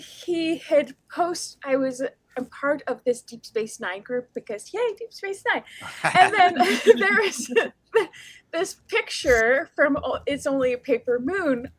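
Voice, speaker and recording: A woman on a convention panel telling a story in an unhurried, thoughtful way, pausing with ums. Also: high-pitched, expressive, a bit bright, no room sound.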